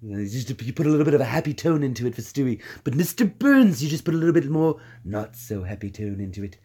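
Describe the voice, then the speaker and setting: A playful man talks casually about doing voice impressions, laughing often. His pitch bounces all over the place as he jumps between ideas. His nose sounds a little stuffy. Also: lively intonation, very fast, dark tone, breathy edge. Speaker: channel host.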